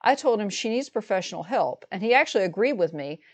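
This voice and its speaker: A middle-aged woman calmly recounting a personal story in a measured, matter-of-fact way. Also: mid-range voice. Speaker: vlogger telling a personal story. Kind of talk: storytelling monologue.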